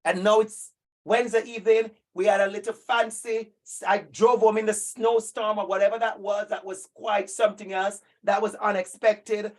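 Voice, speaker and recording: Male presenter of a community talk for families; warm-toned delivery, encouraging, chatty, walks through a list of tips. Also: high voice, level tone, moderate pace. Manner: encouraging, conversational, lists tips.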